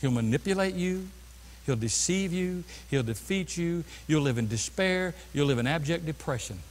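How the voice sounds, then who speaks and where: A man with a high-pitched voice preaches a sermon from a church sanctuary, and his words ring out in a long hall reverb. He swings from loud, emphatic bursts down to hushed, lower passages. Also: expressive, normal speed. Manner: preaching with sudden loud bursts and drops to quiet. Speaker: pastor.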